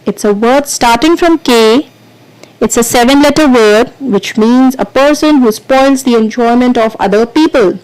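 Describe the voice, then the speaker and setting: A woman's voice: fairly high pitch, unhurried, a little mellow, clean tone, low-quality recording. A woman teaching vocabulary as a quiz, explaining patiently and counting down before each answer. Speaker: English teacher.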